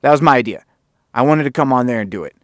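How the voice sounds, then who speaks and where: A man hosting his own podcast, telling a story in a casual, animated way and swearing freely. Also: medium pitch, fast, no echo, studio quality. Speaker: podcast host.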